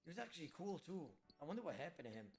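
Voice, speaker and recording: A man chatting casually to his livestream chat while gaming, animated and swearing freely. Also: fairly high pitch, very fast, soft background music. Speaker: game streamer.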